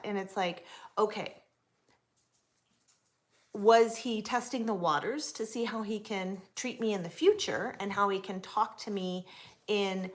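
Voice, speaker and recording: A woman's voice: mid-range voice, pushed and bright. A woman in her forties from the US West Coast, chatting casually on a livestream and answering viewer comments. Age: 40s. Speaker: livestream host.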